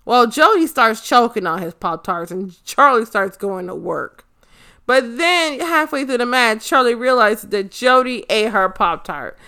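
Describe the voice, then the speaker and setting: A young woman casually recapping a wrestling episode, excitable and swearing freely, often losing track of names. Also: on the high side, unhurried, smooth. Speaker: show recap host.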